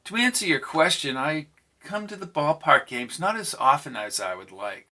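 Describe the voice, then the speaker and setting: A man narrating an audiobook takes on the character of a guarded, mysterious young woman from the future, perky yet proper, with a near-British accent. He delivers her in a fairly high, sing-song, bright voice with a forceful tone, heavily acted, at a moderate pace.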